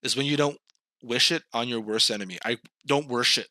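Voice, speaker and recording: A man co-hosts a casual podcast, delivering a comic rant in a mid-range voice that is brisk, bright and forceful. He acts out quoted voices and laughs mid-sentence, and the recording has no echo.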